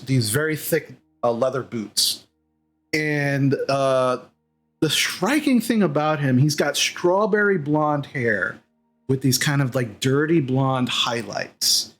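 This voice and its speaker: Man, game master narration, rambling, fairly high voice, faint background music. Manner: rambling, frequent fillers and restarts. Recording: slightly dull mic, faint music behind.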